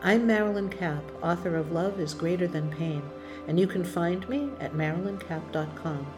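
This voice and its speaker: A woman medium and author giving a gentle, soothing spiritual talk, emotional at times. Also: lowish voice, moderate pace, music in the background. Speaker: medium and author, podcast host.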